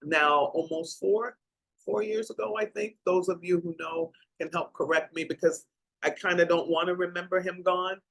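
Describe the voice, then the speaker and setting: A woman's voice: lowish voice, steady tone, normal speed, creaky, a bit bright, low-quality recording. An older woman hosting a heartfelt talk show, speaking in an emotional way and stretching out her words. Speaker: host.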